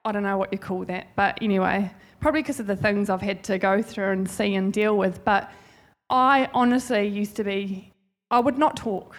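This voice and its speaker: Speaking at a normal speed with few pauses, a woman shares an informal sermon testimony at church in a heartfelt, rambling, conversational way. Her mid-range voice stays steady in tone.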